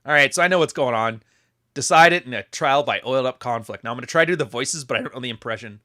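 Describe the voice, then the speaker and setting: A man's voice: medium pitch, fast, sharp tone. A man from Canada giving casual, profane commentary on social media posts, sardonic and full of rambling asides.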